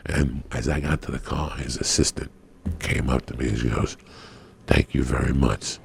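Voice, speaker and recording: A man telling a profane, animated story as a podcast guest, acting out the people in it. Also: rumbling low, normal speed, creaky, slight background noise. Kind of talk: casual storytelling.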